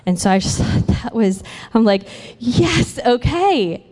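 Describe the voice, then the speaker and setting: A woman's voice: mid-range voice, normal speed. Woman telling a testimony in a reverberant church. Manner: animated, acts out the other people in her story. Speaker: church member sharing a testimony. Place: church sanctuary.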